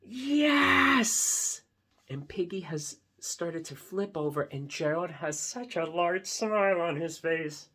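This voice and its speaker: A man reading a picture book aloud to children, gently explaining what is on each page. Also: a little high, a little slow, hardly any pauses. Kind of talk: read-aloud storytime for kids.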